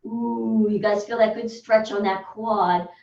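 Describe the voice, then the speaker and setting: A woman's voice: mid-range voice, fairly even intonation, normal speed, a little mellow. A woman fitness instructor leading a floor workout in a carpeted room, calling out counts and upbeat encouragement. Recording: echoey room, distant dull mic.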